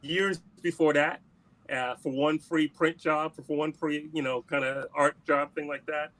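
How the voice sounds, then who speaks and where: A musician guest in an interview casually tells a long story, animatedly acting out the lines of the people in it. His voice is a little high and his pace a little slow.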